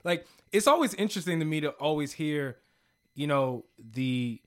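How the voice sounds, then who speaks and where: Slangy laid-back young man, pitched a bit high. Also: lively intonation. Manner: loose, rambling, with slang and quick laughs. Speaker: podcast co-host. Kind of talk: casual music review chat.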